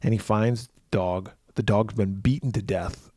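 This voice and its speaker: A man's voice: fairly low pitch, steady tone, normal speed, warm tone, dry recording, clean studio sound. A man co-hosting a podcast, recapping a horror film in a rambling, profane way. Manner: profane, rambling retelling with restarts. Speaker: podcast co-host. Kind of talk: casual film recap chat.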